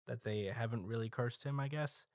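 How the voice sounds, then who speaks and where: A man's voice: mid-range voice, normal speed, a little mellow, no room sound, clean studio sound. A man co-hosting a podcast, casually recapping a story with plenty of ums and uhs. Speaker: podcast co-host. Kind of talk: casual chat, recapping a manga chapter.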